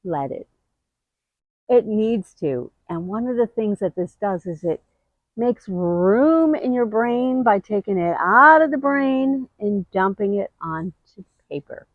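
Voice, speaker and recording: A middle-aged woman giving heartfelt advice straight to camera, earnest and emotional, with sudden expressive bursts. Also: medium pitch, slow pace, dry recording, phone-quality sound. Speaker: grief video host.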